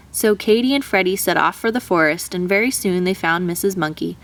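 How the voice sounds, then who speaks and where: A woman teacher reading a children's storybook aloud in an expressive, animated way. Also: fairly low pitch, fairly quick, few pauses.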